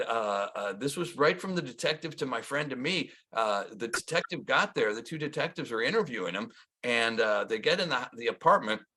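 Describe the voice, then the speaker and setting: A man in his sixties from Wisconsin, doing a rambling stand-up set with lots of halting pauses and restarts. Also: medium pitch, bright, forceful tone, slightly rough. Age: 60s. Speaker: stand-up comedian.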